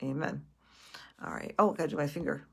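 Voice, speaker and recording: Gentle, halting woman psychic. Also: fairly low pitch. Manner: gentle and affectionate, calling viewers sweetie and honey; halting with many restarts and fillers. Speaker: astrologer and psychic medium. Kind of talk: live psychic reading to viewers.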